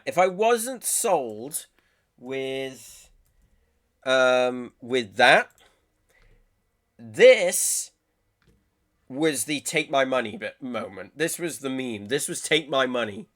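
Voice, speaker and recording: A man's voice: medium pitch, expressive, very slow, long pauses, a bit bright. A man hosting a casual reaction video, gushing about game trailers, swearing often and restarting his sentences.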